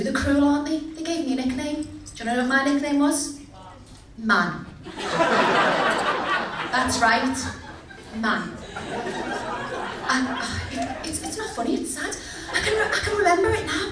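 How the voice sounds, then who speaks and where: A woman's voice: high-pitched, very noisy. A young woman doing a cheeky, chatty stand-up set, asking the crowd questions. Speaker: stand-up comedian. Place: comedy venue. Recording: echoey venue, distant mic.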